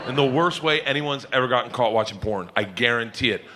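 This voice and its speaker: A man doing a stand-up comedy set on a stage, telling a story loudly, shouting punchlines and acting out the other voices. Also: mid-range voice, expressive, a little fast, noisy background. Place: comedy stage before a live audience. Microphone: handheld stage mic.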